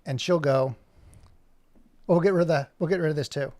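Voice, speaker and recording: A man's voice: a little high, normal speed, darkish tone, dry recording. A man chatting casually on a livestream, rambling and talking to himself as he works on an animation. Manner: rambling, talks to himself while working. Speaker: streamer making an animation.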